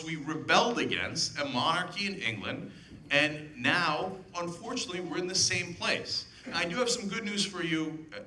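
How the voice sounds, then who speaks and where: A man's voice: on the high side, pushed and bright, slight background noise. A man, giving an impassioned public speech and firing off sarcastic rhetorical questions. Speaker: political commentator giving a speech. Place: event hall with audience.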